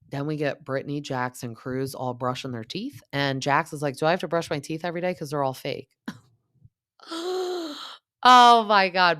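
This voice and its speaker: A woman's voice: very deep voice, no room sound, studio quality. A woman in her thirties hosting a podcast, chatting casually and gossipy with lots of filler words as she recaps reality TV. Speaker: podcast host.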